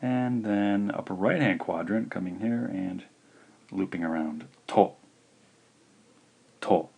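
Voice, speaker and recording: A man with a fairly low voice leads a language lesson at a very unhurried pace. He sounds out each syllable carefully and clearly, patient and encouraging with his listeners. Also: a little mellow. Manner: slow, careful syllable-by-syllable pronunciation. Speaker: language teacher. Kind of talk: slow instructional lesson.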